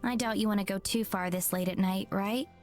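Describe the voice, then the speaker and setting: A man voicing a calm, mysterious young woman in a softly raised, matter-of-fact voice while reading a game aloud. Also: high-pitched, a little fast, soft background music, pitched above the performer's own voice, close to an everyday voice. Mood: nonchalant.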